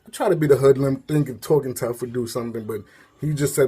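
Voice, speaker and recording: A man's voice: mid-range voice, quick pace, warm tone, husky. A man hosting a story time, talking casually in a rambling way with lots of fillers and asides.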